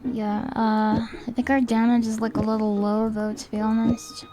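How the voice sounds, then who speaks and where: A woman streaming a game, chatting casually and musing aloud, often trailing off into quiet mumbles. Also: fairly high pitch, little pitch movement, moderate pace. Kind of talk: casual live-stream commentary. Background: game music.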